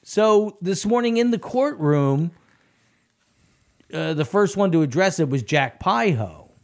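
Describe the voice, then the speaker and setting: A man's voice: high voice, unhurried. A man co-hosting a local news podcast, telling stories in casual banter and acting out the people in them. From United States. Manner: animated storyteller, acts out courtroom quotes.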